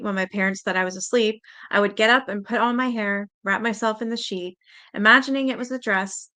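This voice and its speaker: A woman with a mid-range, pushed, bright voice hosts her channel, reading letters aloud as a story. She reads steadily, sometimes stumbling over words, and breaks in with blunt spoken asides.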